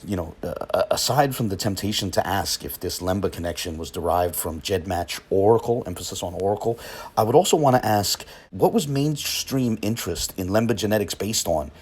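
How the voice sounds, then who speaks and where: A man hosting his channel, giving measured, slightly wry commentary before a clip. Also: deep voice, animated, slightly rough. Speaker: channel host. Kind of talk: scripted commentary.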